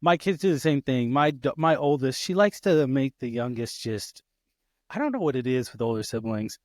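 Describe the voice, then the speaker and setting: A man in his thirties hosting a casual podcast interview, lively and quick to act out his kids' voices. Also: medium pitch, no room sound, studio quality. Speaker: podcast host.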